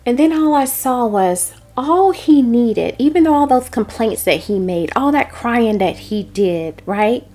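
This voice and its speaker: Slow, earnest woman sharing a prophetic word. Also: on the high side, animated. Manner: slow, earnest, drops to soft whispered prayer. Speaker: host and prophetic teacher. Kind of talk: devotional prophetic message.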